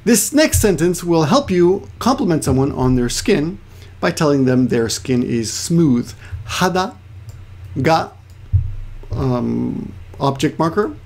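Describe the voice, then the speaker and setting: Speaking slowly in an animated, slightly mellow voice on the higher side, a male Japanese teacher talks through a casual lesson. He wanders as he explains, frequently starting over and tossing in asides.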